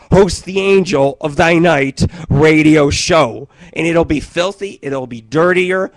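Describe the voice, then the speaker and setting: A man's voice: a little high, no room sound. A middle-aged man hosting a radio show, telling rambling, profane comic stories in a crude monologue.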